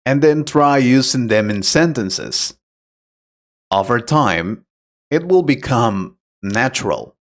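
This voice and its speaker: A man acting as an English teacher who explains pronunciation tips patiently and clearly in a scripted conversation lesson. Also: medium pitch, lively intonation, takes it slowly.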